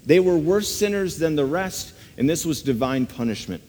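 A man's voice: fairly high pitch, expressive, normal speed, a little mellow. A man preaching a sermon in an earnest, conversational way, often turning statements into rhetorical questions. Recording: long reverb of a large hall.

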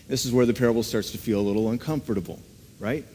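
This male preacher speaks at a normal pitch with a mellow, earnest, conversational delivery, often stopping on rhetorical questions. The long reverberation of a big hall surrounds him, and there's a little background noise.

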